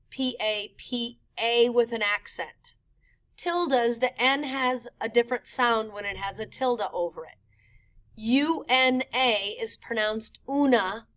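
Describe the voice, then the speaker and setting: A woman teacher explaining grammar rules step by step in a recorded lesson, slowing down to spell out examples. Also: on the high side, fairly bright tone, lo-fi sound. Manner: clear, methodical explaining with slow spelled-out examples. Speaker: Spanish teacher.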